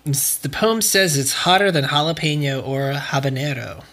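A man's voice: fairly high pitch, normal speed, background noise. A young man hosting a podcast, chatting casually and rambling with plenty of swearing. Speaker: podcast host. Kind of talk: casual chat.

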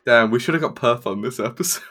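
A man's voice: mid-range voice, expressive, a little fast, bright, forceful tone. A man co-hosting a podcast in casual, laughing, sweary chat. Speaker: podcast co-host.

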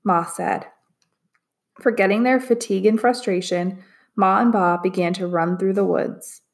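A woman narrating a chapter book aloud in a measured, expressive reading. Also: mid-range voice. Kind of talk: storybook read-aloud narration.

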